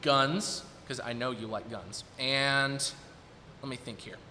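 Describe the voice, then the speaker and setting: A young man in his twenties talks casually to an audience from the stage, thinking aloud and hesitating as he goes. His voice is bright and forward. It rings with the long reverb of a recital hall, over a faint hiss of noise. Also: medium pitch, steady tone, takes it slowly. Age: 20s. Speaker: recital performer talking to the audience.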